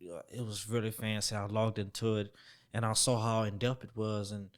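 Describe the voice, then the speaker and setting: A young man telling a story as a podcast guest, acting out the voices he quotes, dropping to near-whispers and then jumping up loud. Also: fairly low pitch, little pitch movement, brisk. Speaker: podcast guest, former football player. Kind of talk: storytelling in a casual interview.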